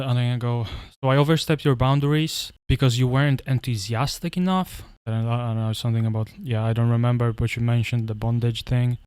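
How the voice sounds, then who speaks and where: A man's voice: mid-range voice, a little mellow, clean tone, no room sound. Man in a profane, rambling rant. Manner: profane, rambling, many restarts. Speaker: commentary vlogger. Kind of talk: casual storytelling rant.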